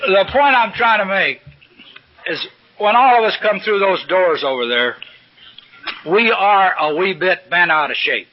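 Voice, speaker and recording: An older man gives a recovery-meeting talk in a folksy, plain-spoken storytelling manner with salty humor. His voice sits a little high for a man. The recording is dull and lo-fi, like an old tape. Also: animated, unhurried. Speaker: AA speaker. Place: meeting room at a podium.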